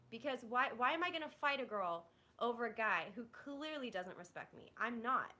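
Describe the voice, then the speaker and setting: On a livestream, a young woman rants to her chat in a blunt, frustrated way, cursing, restarting lines, and leaning on "like." Her pitch runs on the high side, animated and bright, with a pushed quality at normal speed.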